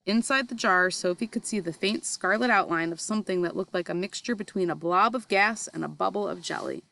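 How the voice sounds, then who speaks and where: A woman reading a children's storybook aloud in a steady, expressive manner. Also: medium pitch, a little fast, gravelly. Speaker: reader.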